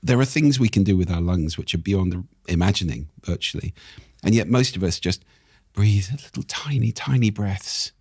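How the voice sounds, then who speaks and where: A man with a very low voice talks as a podcast guest, his delivery expressive and animated. The sound is close and dry, with no room around it. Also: normal speed, slightly rough, no room sound. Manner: expressive, animated delivery with wide pitch swings. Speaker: speaking expert guest. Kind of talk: interview conversation.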